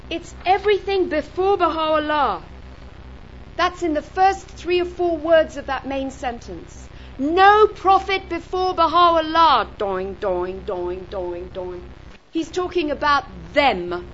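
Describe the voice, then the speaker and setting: A woman's voice: high-pitched, muffled recording, slight background noise. A woman teaching a grammar lesson to a class, often checking in with rhetorical questions such as "right?" and "okay?".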